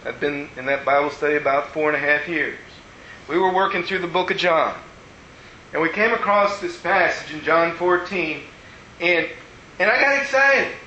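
A man preaching a sermon as pastor, telling stories in an animated way and acting out the people he quotes. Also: fairly high pitch, moderate pace, lo-fi sound, slight background noise. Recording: roomy echo.

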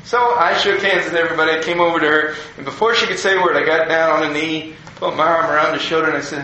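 An older man, a pastor, telling a personal story in a folksy, animated way. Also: fairly high pitch, brisk, a little hiss or hum. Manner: folksy, animated storyteller, acting out quoted people. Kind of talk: personal story told to an audience. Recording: very echoey room, faint ambience.

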